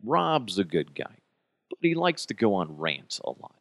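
Profane, animated American man ranting. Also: fairly low pitch, unhurried, no echo. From United States. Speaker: podcast host. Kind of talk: casual solo podcast rant.

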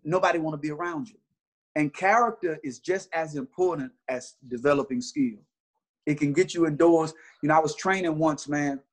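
A man's voice: a little high, moderate pace. A middle-aged man, a basketball trainer, telling stories in a casual interview with earnest, repeated restarts.

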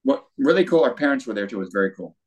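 Older male guest, lively storyteller who acts out quotes, average pitch. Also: racing. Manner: animated storyteller with acted quotes. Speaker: guest, former tennis pro. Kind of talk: storytelling interview.

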